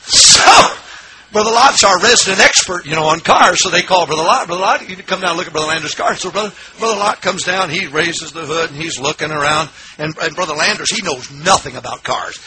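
A man preaching a sermon, telling a funny story and acting out the people in it with big swings in pitch and volume. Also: fast, hardly any pauses, noisy background. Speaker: pastor.

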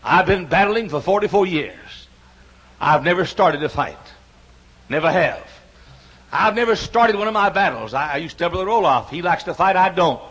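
High, husky man preaching a sermon. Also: lively intonation, normal speed. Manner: rhythmic repetition, rising to shouts. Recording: dull lo-fi sound.

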